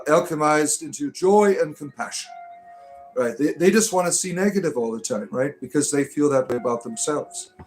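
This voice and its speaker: An older man rambling through mock-spiritual replies to comments, halting and chuckling, with an irreverent deadpan manner. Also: fairly high pitch. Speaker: comedic spiritual character responding to comments. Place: Ireland.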